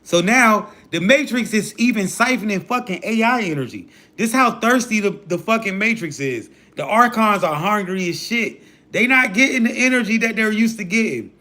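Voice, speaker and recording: A man's voice: high voice, lively intonation, normal speed, pushed and bright. A man hosting a livestream who preaches in a casual, profane rant full of slang and hype. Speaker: livestream host.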